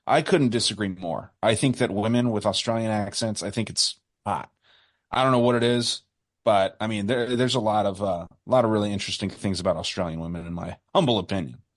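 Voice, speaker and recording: American man, podcast co-host, excitable and rambly, lowish voice, very dry close sound. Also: fairly quick, no room sound. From United States. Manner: enthusiastic, rambling, says "man" a lot. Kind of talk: casual podcast chat.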